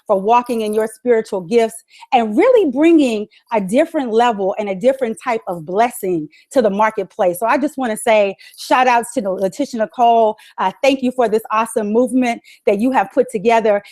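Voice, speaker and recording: A woman's voice: on the high side, moderate pace, darkish tone. Rousing woman giving a motivational talk. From Virginia. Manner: rousing, rhetorical questions. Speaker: guest speaker and business coach. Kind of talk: motivational speech.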